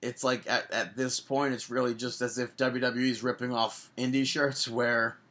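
A man trades casual banter as a podcast co-host. His voice carries a bright, forward edge. He tells stories with excited leaps in pitch. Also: moderate pace. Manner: animated storyteller, jumps in pitch when excited. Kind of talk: casual wrestling podcast chat.

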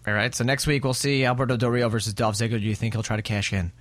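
A man's voice: medium pitch, fairly even intonation, fast talker, fairly bright tone, no room sound. A man hosting a casual podcast chat, leading the talk, asking the others questions and steering to new topics. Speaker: podcast host.

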